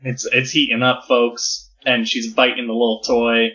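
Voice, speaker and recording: A man with a bright, forceful voice talks casually about a comic chapter. He laughs easily and fills his pauses with uh. The recording sounds dull and lo-fi. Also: medium pitch, little pitch movement. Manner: chatty, quick to laugh, frequent uh fillers. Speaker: podcast co-host or guest.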